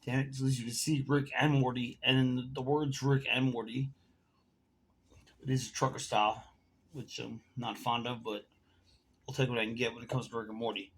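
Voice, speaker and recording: A man's voice: mid-range voice, flat delivery, moderate pace, husky. A man ranting to camera in a casual vlog, telling a heated, profane story while smoking and drinking. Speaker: vlogger.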